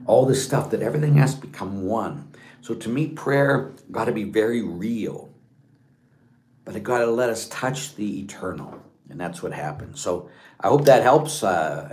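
A priest with a very low voice speaks in an informal, earnest way. His delivery is conversational and unpolished, with fillers and restarts. In reflective moments he drops to a soft, hushed tone. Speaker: Catholic priest. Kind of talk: informal spiritual talk.

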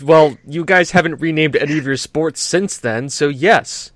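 Brief: male podcast co-host, raised pitch, rambling and profane, laughs a lot. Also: moderate pace, no echo. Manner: rambling storyteller, swears freely, laughs often. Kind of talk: casual chat.

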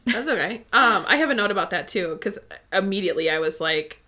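A woman's voice: mid-range voice, expressive, a little fast, sharp tone. A woman co-hosting a casual book discussion, enthusiastic and chatty with many fillers. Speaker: podcast co-host.

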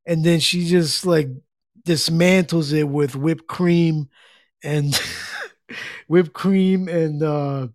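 A man's voice: fairly high pitch, steady tone, drawn-out words, long pauses, a little mellow, no room sound, clean studio sound. A middle-aged man hosting a casual livestream, rambling in an easygoing way and reading viewers' comments aloud. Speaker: livestream host.

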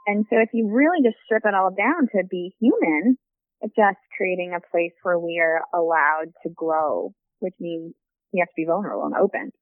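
A woman's voice: fairly low pitch, normal speed, dry recording. Safety lady from construction talking it through, earnest, sounds like a thin dry phone line. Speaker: safety professional in construction, guest. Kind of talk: conversational interview answers.

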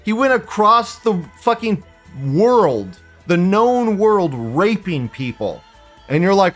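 Man, live-stream rant, somewhat high voice, profane, sardonic, frequent laughs, faint music behind. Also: sing-song, slow pace. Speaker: live-stream host reading viewer comments.

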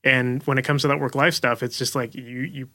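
A man's voice: medium pitch, fairly even intonation, a little fast, bright, forceful tone. A man hosting a podcast, asking long, chatty questions full of "like" and "you know". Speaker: podcast host. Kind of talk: interview questions, casual.

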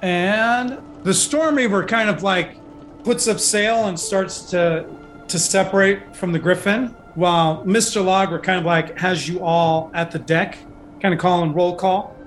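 A man's voice: high-pitched, fairly even intonation, unhurried, soft background music. A man narrating as game master, rambling with many fillers.

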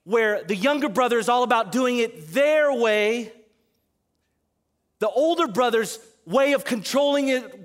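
A man preaching a sermon to a congregation, animated, moving between loud emphatic calls and quiet asides. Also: very high voice, unhurried. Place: church service in front of a congregation.

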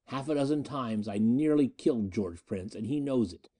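A calm and menacing pirate chief, as a male narrator puts him on, his lines coming in a measured, matter-of-fact tone. The voice is dark and mellow, yet it rises and falls freely through each threat. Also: medium pitch, lightly acted. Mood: cold, menacing. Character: cunning ruthless male space-pirate leader, calm and menacing.

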